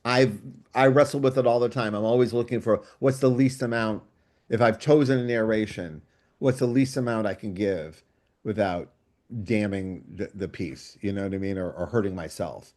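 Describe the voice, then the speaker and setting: A man, a writer and guest on a book club show, talking over a video call in a casual discussion, enthusiastic and thinking out loud in long digressions. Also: on the low side, normal speed.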